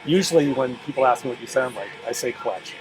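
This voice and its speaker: An enthusiastic male interviewer chats with a musician like an eager fan, praising shows and albums. He speaks at a middle pitch. Loud music plays in the background. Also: expressive, fast talker, rough recording. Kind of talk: casual interview chat.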